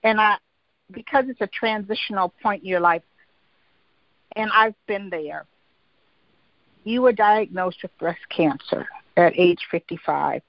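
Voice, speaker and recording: A woman hosts an interview, speaking in an empathetic, conversational way and leaning on fillers. Her voice sits at a medium pitch. The sound is dull and lo-fi, and dry. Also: unhurried, creaky, pauses often, no room sound. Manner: empathetic, uses many fillers. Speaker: interview host.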